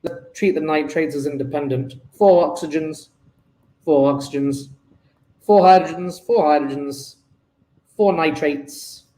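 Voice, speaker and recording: A man's voice: on the high side, a little slow, warm tone, roomy sound. A man working through an exam paper as a chemistry tutor, thinking aloud and talking to himself as he calculates.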